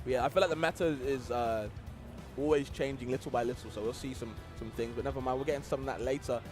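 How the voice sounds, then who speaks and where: A man's voice: mid-range voice, quick pace, over music. A man with a non-American accent commentating a live esports tournament, chatty and laughing often, rambling with lots of fillers.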